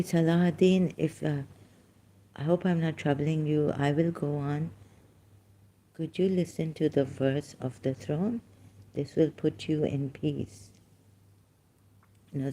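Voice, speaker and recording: Man, from Pakistan, live-stream monologue, halting and hesitant, drawn-out delivery, soft whisper at times. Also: on the high side. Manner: slow, halting, with many hesitations and trailing asides.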